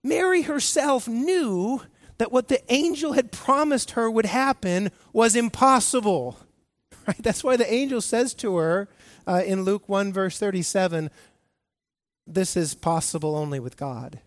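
A man preaching a sermon as pastor, earnest, drawing out key words with slow emphasis and often restarting his phrases. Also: high voice, no echo.

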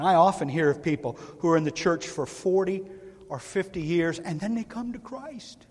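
A male pastor preaching a sermon in a church, earnest and emphatic, with long pauses. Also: sits high, husky. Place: church sanctuary. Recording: reverberant church hall.

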